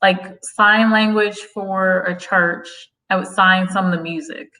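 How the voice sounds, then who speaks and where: A woman's voice: medium pitch, fairly even intonation, measured pace, pushed and bright, low-quality recording. Give me a chatty young woman from the US hosting a live stream and talking back to viewer comments. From United States. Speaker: livestream host. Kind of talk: casual livestream chat.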